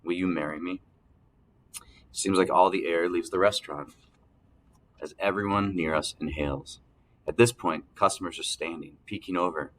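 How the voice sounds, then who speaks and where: A man narrating an audiobook in the first person, telling the story calmly and evenly. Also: low-pitched, moderate pace, a little hiss or hum.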